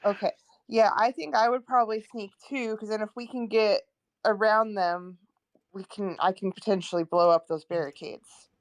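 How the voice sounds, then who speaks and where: A woman's voice: medium pitch, fairly even intonation, moderate pace, dry recording. Upbeat woman player, dry sound. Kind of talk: casual chat.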